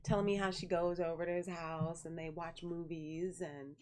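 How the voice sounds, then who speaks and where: A young adult woman chatting casually on a live stream, telling a family story in an animated way and thanking viewers by name. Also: lowish voice, moderate pace. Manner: chatty, animated storyteller who reads viewer messages aloud.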